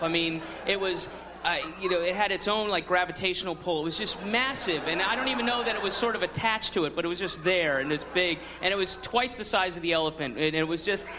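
High-voiced rambling man doing stand-up. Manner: rambling, builds to excited yelling. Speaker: stand-up comedian. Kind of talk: stand-up storytelling. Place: comedy stage before an audience. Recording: live show with loud crowd noise.

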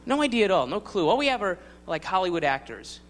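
Man, stand-up comedian, wry rambling delivery, higher voice, noisy live club recording. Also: big pitch swings, fast talker. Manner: wry, rambling, with laughing asides. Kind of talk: stand-up routine. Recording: live club with crowd and noise.

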